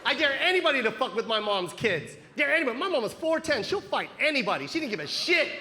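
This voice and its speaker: A man doing stand-up, telling a story loudly and animatedly with lots of cursing. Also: very high-pitched, fast talker. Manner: loud, animated, profane. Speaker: stand-up comedian. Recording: comedy club hall with audience laughter.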